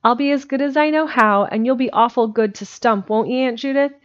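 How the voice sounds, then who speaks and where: A woman's voice: a little high, a little fast, highs cut off, lightly acted. A woman voicing an earnest young orphan boy who stammers and pleads in rustic speech in a storybook reading. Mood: pleading.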